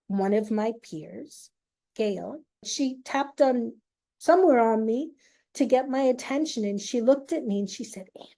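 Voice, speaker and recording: A woman telling an emotional personal story, speaking haltingly with long pauses and emphasis. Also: a little high, warm tone.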